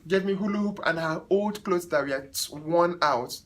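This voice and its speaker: A hairstylist from Africa telling a story to viewers, chatty, animated and exasperated. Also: male voice, fairly high pitch, moderate pace, low-quality recording. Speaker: hairstylist and vlogger. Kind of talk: storytelling vlog.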